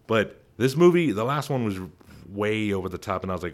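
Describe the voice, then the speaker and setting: An adult man, a father, hosts his own commentary show in a fairly low voice. He's brisk, animated and chatty, speaking freely and leaning hard on his opinions.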